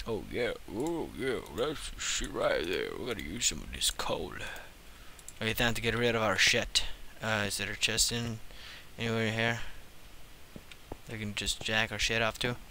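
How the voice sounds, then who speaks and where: Loud profane young man playing a game. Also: lowish voice, animated, moderate pace, slight background noise. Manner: profane, jumps from mutters to squealing shouts. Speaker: gaming channel host. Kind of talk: casual gameplay commentary.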